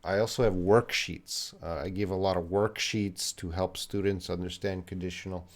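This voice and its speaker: A man's voice: low voice, fairly even intonation, moderate pace. A man with a Canadian accent, an English teacher answering chat questions in a live-stream lesson, explaining patiently in simple words.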